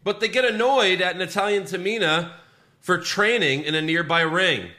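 Bright-voiced guy recapping wrestling on a podcast, sarcastic, swears a lot. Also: sits high, normal speed. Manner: sarcastic, swears, acts out quotes. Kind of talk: casual podcast chat.

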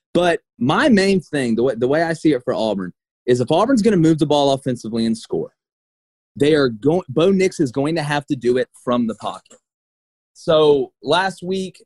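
A man from Alabama with no regional accent, a football coach giving casual, energetic game analysis. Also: mid-range voice, no echo.

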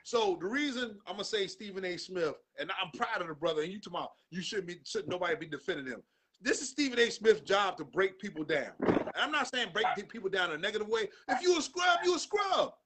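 A man hosting a podcast, on a loud, profane comedic sports rant full of slang, breaking into shouts. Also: high-pitched, expressive, fast talker, slightly rough. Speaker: podcast host.

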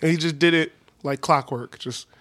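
Bright-voiced, slangy man. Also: fairly high pitch, moderate pace. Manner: slangy, laughing, trailing off quietly. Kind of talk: casual chat.

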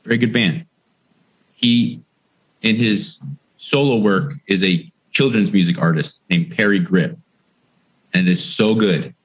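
A man's voice: lowish voice, unhurried, long pauses. A man co-hosting a casual chat, goofy, playful and jokey. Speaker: podcast co-host.

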